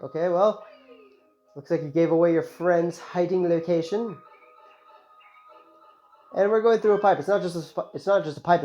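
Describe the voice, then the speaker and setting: A man's voice: sits high, fairly even intonation, normal speed, pauses often, dark tone. A man giving casual, joking, rambling commentary while playing a video game. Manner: joking, rambling, self-mocking. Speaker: let's play host. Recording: slightly muffled, game music behind.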